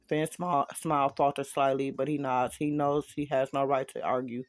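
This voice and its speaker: A man's voice: mid-range voice, level tone, a little fast, few pauses, no echo. A man casually reading a fan story aloud, dropping chatty asides to listeners. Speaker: story reader.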